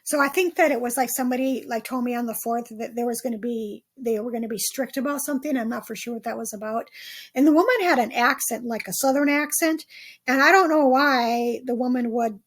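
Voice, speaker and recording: Her voice fairly high and her pace fairly quick, a podcast host reads through her dream notes in a casual, meandering monologue. She stumbles with lots of ums and restarts, and she is not 27 years old.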